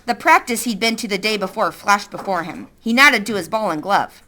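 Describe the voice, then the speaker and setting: Woman reading a kids book out loud, bright voice, lots of ups and downs, fixes her own slips. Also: medium pitch, a little fast, hardly any pauses. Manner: expressive, self-correcting. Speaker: reader. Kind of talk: reading a children's novel aloud.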